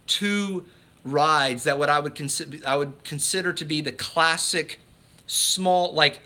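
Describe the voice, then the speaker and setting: A man's voice: a little high, pushed and bright. A man hosting a casual livestream chat, talking in a rambling, enthusiastic way with many restarts and greetings to viewers. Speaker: livestream host.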